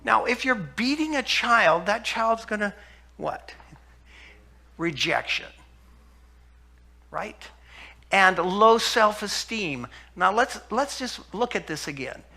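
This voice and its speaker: A man's voice: sits high, very animated, takes it slowly, creaky, pauses often, sharp tone. A middle-aged man giving a health talk, telling patient stories and quoting scripture with urgent emphasis. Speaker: health speaker.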